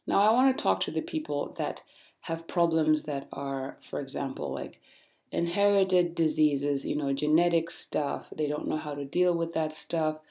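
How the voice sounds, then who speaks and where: Low-voiced woman giving blunt podcast encouragement. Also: normal speed, creaky. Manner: blunt, animated, preachy encouragement. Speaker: podcast host. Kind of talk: casual motivational monologue.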